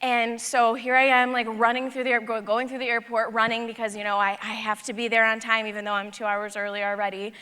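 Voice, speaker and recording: A woman giving a personal storytelling talk at a conference, animated and acting out the dialogue. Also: fairly high pitch, fairly quick, hardly any pauses, clean tone. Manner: animated, acts out dialogue in her stories. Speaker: conference speaker. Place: large conference hall. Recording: long hall reverb.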